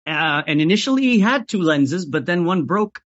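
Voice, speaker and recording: Man, interview guest, even-keeled, halting restarts, dull lo-fi audio. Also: a little high. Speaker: guest, sketch creator. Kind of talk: casual interview chat.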